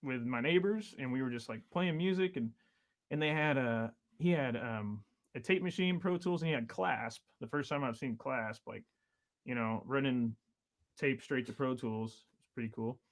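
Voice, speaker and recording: A man's voice: medium pitch, normal speed. A man in his thirties, a drummer guest telling long stories in casual chat, rambling with many fillers and laughs.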